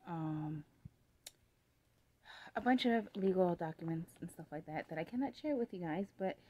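A woman vlogger chatting in a casual role-play vlog, excitable and full of fillers, sometimes talking low and hushed. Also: poor audio. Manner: talks low and hushed at times.

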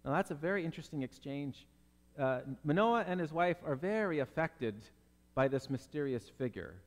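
A man preaching a sermon, his voice sitting a little high. He talks earnestly and conversationally, and the sound trails off into a long reverb. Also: animated, normal speed. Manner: earnest, conversational, acts out Bible characters. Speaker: pastor.

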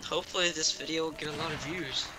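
A man's voice: fairly high pitch, fairly even intonation, fast, heavy background noise. Chatty man explaining game controls. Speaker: gameplay video host. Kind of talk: casual gaming chat. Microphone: handheld mic. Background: game music and gunfire.

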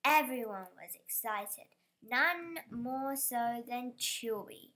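Slow-reading woman, children's storybook. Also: fairly high pitch, lively intonation, bright, forceful tone. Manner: careful, stumbles on some words. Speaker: storybook reader. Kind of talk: reading a children's picture book aloud.

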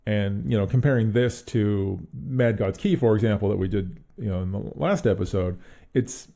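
Male podcast co-host, low gravelly register, relaxed and mellow, casual review chat full of restarts. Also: normal speed. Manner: thinks aloud with many restarts and hedges.

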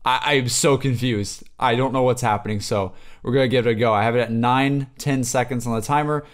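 Excitable young man with jittery gushing. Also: medium pitch, brisk. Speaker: student reaction vlogger. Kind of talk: live reaction commentary. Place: at home. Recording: steady background hiss, noisy room.

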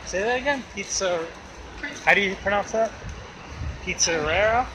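A man's voice: high-pitched, a little slow. Offhand man chatting in a noisy car. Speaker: companion on the trip. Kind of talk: casual chat.

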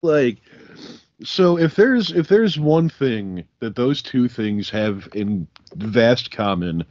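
A man's voice: mid-range voice, lively intonation, takes it slowly, a little mellow, dry recording, dull audio. A man co-hosting a podcast in casual, crude, joking banter, swearing freely. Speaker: podcast co-host. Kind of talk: casual chat.

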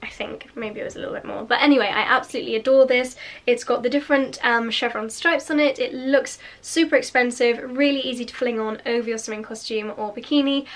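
A woman's voice: a little high, fairly even intonation, fast talker, fairly bright tone. A young woman with a slight cold and a nasal voice, chatting through her new clothes in a casual fashion haul. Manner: chatty, gushing about clothes. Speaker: fashion vlogger.

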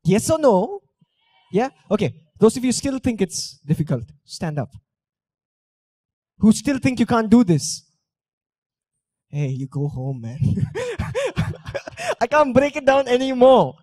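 A young man with a high, warm voice and a breathy edge speaks slowly on an auditorium stage, using huge pitch swings and long pauses. During his live talk he runs audience drills, teasing and coaxing the crowd playfully, and there's no echo.

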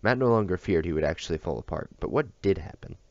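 Deep-voiced man reading a novel. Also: fast talker, no room sound, muffled recording. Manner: steady reading with small slips and restarts. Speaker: audiobook reader.

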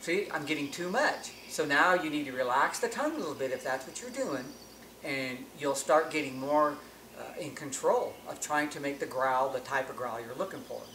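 A man's voice: medium pitch, animated, moderate pace, sharp tone. A man teaching elk calling in a plain-spoken, instructional way, often restarting phrases as he explains. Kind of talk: hunting-call tutorial. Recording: echoey with faint ambient noise.

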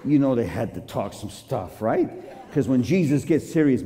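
Animated preacher in a reverberant hall. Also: male voice, medium pitch, normal speed, some chatter behind. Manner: acts out characters, laughs, shouts at climaxes. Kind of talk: dramatic sermon storytelling.

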